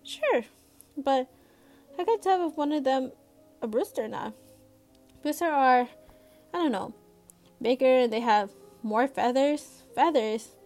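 A woman's voice: high-pitched, lively intonation, unhurried, long pauses, darkish tone, soft background music. A woman voicing a cocky schoolboy friend who talks in an offhand, teasing way.

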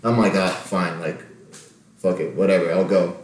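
A young man with a lowish voice tells a story in loose, profane street slang, full of "like" and "bro", as he hosts a casual podcast. The room around him is echoey and open. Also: fairly even intonation, normal speed.

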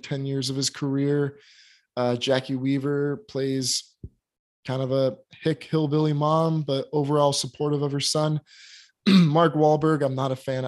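A man in a relaxed podcast conversation, talking through a film review at an ordinary mid pitch. He hedges and restarts often, but his judgments come out frank and critical. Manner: hesitant, many fillers and restarts, candid critical opinions. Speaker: podcast co-host reviewing films. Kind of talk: casual chat.

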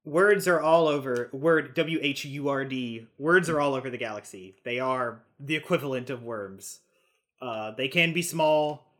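A man's voice: medium pitch, a little slow, a bit bright. A man narrating a tabletop game as game master, in a casual, rambling way with frequent fillers and chuckles.

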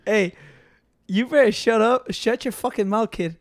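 A man's voice: high voice, moderate pace. A man who tells stories and teases the others, laughing and swearing, in casual podcast banter at a microphone. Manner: teasing, laughing, swearing storyteller. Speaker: podcast co-host.

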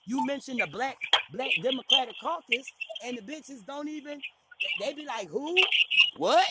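A man's voice: very high-pitched, moderate pace, heavy background noise. A man hosting a talk radio show, ranting in a heated, profane way and stumbling over repeated words as he gets worked up.

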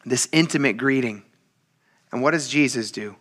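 A man's voice: medium pitch, moderate pace, fairly bright tone. A man preaching a casual sermon in a chatty, teasing, self-mocking way. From military veteran. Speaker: pastor.

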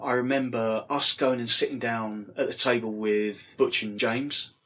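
A man's voice: mid-range voice, fairly even intonation, a little slow, a bit bright. A middle-aged man telling a rambling anecdote, casually swearing and full of fillers. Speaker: storyteller.

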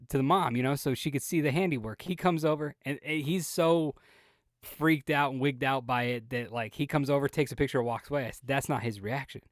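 A man co-hosting a podcast, telling a long, profane, animated story in casual chat and acting out the lines of the people in it. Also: mid-range voice, a little fast, no echo, studio quality. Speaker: podcast co-host.

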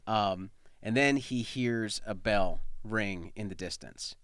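A man casually pitching a comedy script, rambling with lots of ums and likes, often laughing. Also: takes it slowly, fairly bright tone, no room sound, clean studio sound. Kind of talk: casual brainstorming chat.

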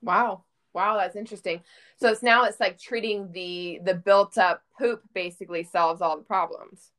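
A woman's voice: mid-range voice, steady tone, normal speed, a bit bright. A woman hosting a casual interview, asking curious, plain questions.

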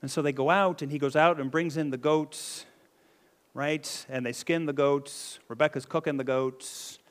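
A man's voice: fairly high pitch, steady tone, moderate pace. A man preaching a sermon in a conversational way, often checking in with the listeners and restarting his phrases. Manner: conversational, keeps adding "right?", frequent restarts.

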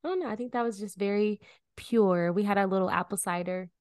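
A woman's voice: medium pitch, brisk, no echo, studio quality. Bubbly young woman co-hosting a podcast. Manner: bubbly and animated, says "like" often. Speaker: podcast co-host. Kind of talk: casual chat.

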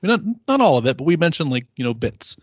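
A man's voice: on the high side, big pitch swings, fast, husky, no room sound. A man hosting a casual podcast chat, rambling and correcting himself and laughing often. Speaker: podcast host. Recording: slightly muffled dry podcast audio.

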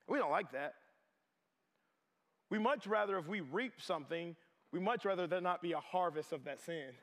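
A middle-aged man preaching a sermon as pastor, animated and swinging between loud and hushed. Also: high voice, fairly quick. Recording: reverberant chapel hall.

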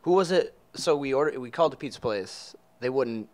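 A man's voice: medium pitch, expressive, a little fast, a little mellow. A young man, co-hosting a casual podcast chat in an easygoing, enthusiastic way. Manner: easygoing, enthusiastic, laid-back. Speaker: podcast co-host. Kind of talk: casual chat between roommates.

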